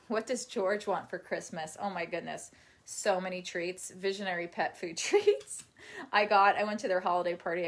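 Rambling, chatty woman live streaming. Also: on the low side. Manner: rambling and chatty, laughs often, talks to her dog. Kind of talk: casual live-stream chat. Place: at home while folding laundry.

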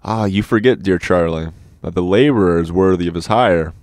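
Idealistic older aunt, earnest tone, deep low voice, as a man reads her. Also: moderate pace, a little mellow, dry recording, studio quality, natural voice. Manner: earnest, cheerful.

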